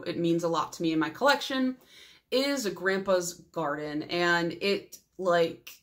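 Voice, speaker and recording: A young adult woman vlogging about her nail polish collection in a casual, rambling chat full of fillers and sentimental asides. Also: lowish voice. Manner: chatty and rambling, many fillers; warm, sentimental storytelling.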